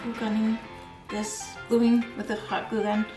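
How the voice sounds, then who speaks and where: A middle-aged woman vlogging casually as she crafts, chatty and rambling, quick to laugh at herself. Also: fairly high pitch, monotone. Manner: chatty, rambling, giggly self-deprecating. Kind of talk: casual chat while crafting. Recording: echoey room, faint background music.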